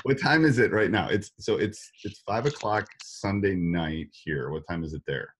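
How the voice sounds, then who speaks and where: Low-voiced rambling Wisconsin man. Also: normal speed, background noise. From Wisconsin, USA. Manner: rambling, repeats words, self-interrupting. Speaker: podcast host. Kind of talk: casual interview chat.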